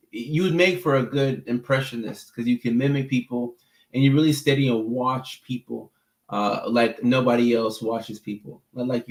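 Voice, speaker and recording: An easygoing man talks casually on a livestream, reading and answering viewer comments. His voice sits at an ordinary middle pitch. He is chatty and often doubles back on a word as he works out what to say. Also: echoey room. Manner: easygoing and talkative, repeats words while thinking. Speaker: mental health clinician hosting a livestream.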